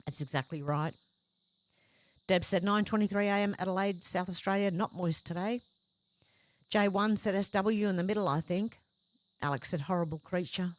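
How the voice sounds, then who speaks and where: A woman's voice: mid-range voice, normal speed, pauses often. A woman hosting a livestream, reading out viewers' chat comments one after another and adding short conversational reactions of her own. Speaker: livestream host.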